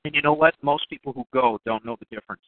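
A man's voice: medium pitch, fast talker, a little hiss or hum. A man hosting a call-in radio show, asking meandering questions full of fillers while he has the hiccups. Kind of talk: casual interview questions. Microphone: phone. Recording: dry, tinny phone line.

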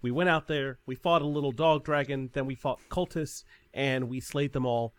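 A man's voice: mid-range voice, fairly even intonation, normal speed, dry recording. A man playing a tabletop game, joking and loose in casual talk. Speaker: player.

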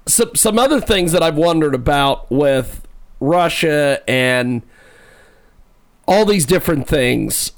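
A male talk radio host with a gravelly, creaky voice. He chats casually with his guest, rambles and pokes fun at himself, and laughs often. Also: mid-range voice.

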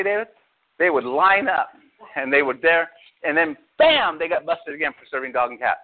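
A middle-aged man preaches with a high, lively voice, drifting into stories and sarcastic jabs. The sound is thin and tinny, as if it came over a phone-line radio broadcast. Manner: animated storytelling with sarcastic asides. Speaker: pastor. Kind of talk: sermon.

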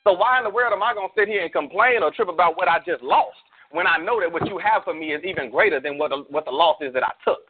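A man serving as pastor preaches in a relaxed, slangy way, leaning on made-up scenarios to drive his point home. His voice sits a bit high. The audio comes through a thin, tinny phone-like line. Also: quick pace, hardly any pauses, breathy edge. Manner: preachy storyteller, spins hypotheticals, slangy. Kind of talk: casual church talk show on a call.

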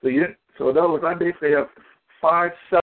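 A man telling stories in a casual community call, animated and acting out the people in them. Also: fairly high pitch, very fast. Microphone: phone or call audio. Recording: tinny phone line.

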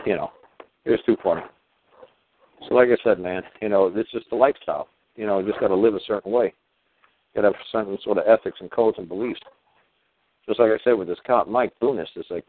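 A man tells a story in a loose, rambling monologue, swearing freely and stumbling through many fillers and restarts. His voice sits somewhat low, and it comes through a thin, tinny line that sounds like a phone call. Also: fast, long pauses. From New York. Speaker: podcast host.

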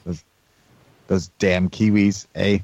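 A man's voice: sits low, level tone, takes it slowly, gravelly, a little mellow, dry recording. An Australian man hosting a podcast in casual, joking chat. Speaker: podcast host. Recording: dry, slightly dull sound.

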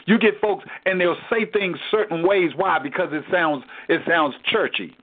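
A man's voice: fairly high pitch, normal speed, hardly any pauses. A man teaching a Bible study in a preaching cadence, asking rhetorical questions and repeating key phrases for emphasis. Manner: rhetorical questions, repeats "why?" and "guess what?". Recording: tinny phone-like recording.

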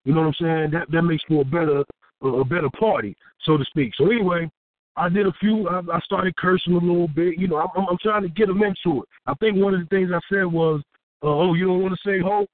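A man from Houston, a rapper, telling a story in a casual interview, profane and animated, acting out what people said. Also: sits high, fast, no echo. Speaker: rapper and guest. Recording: tinny phone-like dry sound.

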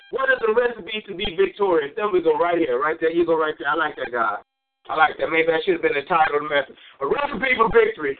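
A man preaching a sermon, swinging between high exclamations and low asides and repeating phrases for emphasis. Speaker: pastor. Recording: tinny phone-line sound.

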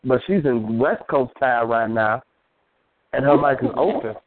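A man voicing a pompous, overly formal gentleman on a phone line. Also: mid-range voice, unhurried, no room sound, close to an everyday voice. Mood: flustered. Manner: stiff, overly formal diction.

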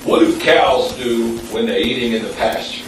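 A man preaching a sermon in a church, calling on the congregation for responses and jumping up in pitch for emphasis. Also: steady tone, moderate pace, slight background noise. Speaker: pastor. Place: church sanctuary. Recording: very echoey room, mic at a distance.

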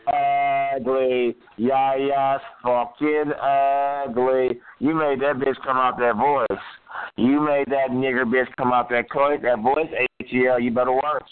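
A man hosting a call-in show, hurling crude, repetitive taunts at his callers. His voice sits at an ordinary pitch for a man. It comes through a thin, phone-like line with a dry, close sound. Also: fairly even intonation, moderate pace, clear, resonant tone, dry recording. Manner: loud, taunting, repetitive insults. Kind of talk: crude trash-talking call-in banter.

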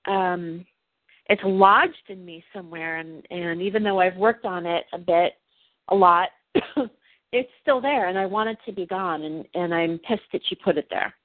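A woman talking through personal feelings in a coaching session, halting and restarting often. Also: on the low side, no echo. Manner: halting, hesitant, many restarts. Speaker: client. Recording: dry tinny phone-like line.

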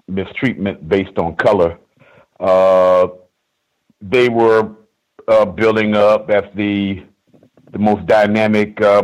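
A man calling in to a radio show, speaking haltingly with many "uh" pauses. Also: fairly low pitch, low-quality recording. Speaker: caller. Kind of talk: call-in radio comment.

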